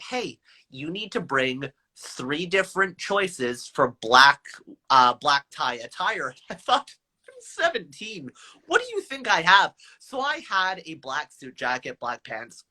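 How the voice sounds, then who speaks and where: A young man, an actor guest in an interview, telling an animated story and acting out the lines of the people in it. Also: poor audio. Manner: energetic, acts out quoted lines in higher voices.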